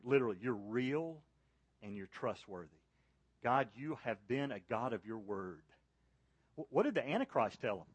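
A man's voice: lively intonation, normal speed, breathy edge, no echo. Emphatic man preaching, dry sound. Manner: emphatic, climbing loud and high on key points, dropping soft in prayer. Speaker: pastor. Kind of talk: sermon. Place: church service.

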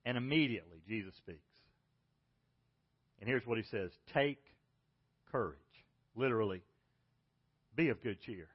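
A middle-aged man preaching a sermon as pastor, telling a personal story and moving between loud, excited bursts and hushed, tender lines. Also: lowish voice, unhurried, pauses often, slightly rough, dull audio.

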